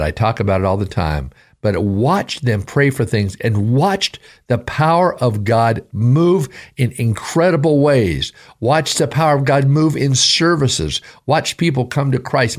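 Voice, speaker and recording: A man's voice: lowish voice, darkish tone. An older man, a pastor hosting a devotional radio show, talking in an earnest, emotional preaching way with folksy asides.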